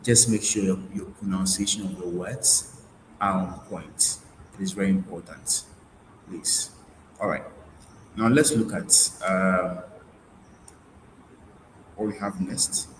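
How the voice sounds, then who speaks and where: A man's voice: low-pitched, fairly even intonation, slow, pauses often, reverberant, a little hiss or hum, low-quality recording. A male tutor giving a webinar lecture, repeating key points and often restarting with fillers. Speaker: IELTS tutor.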